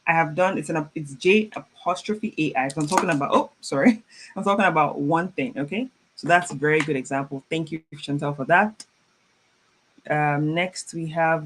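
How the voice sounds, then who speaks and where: A chatty teacher leads a live online language class, reading out students' messages and encouraging them. French phrases are repeated slowly and carefully, with frequent easy laughter between corrections. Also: mid-range voice, a little hiss or hum. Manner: chatty and informal, laughs often.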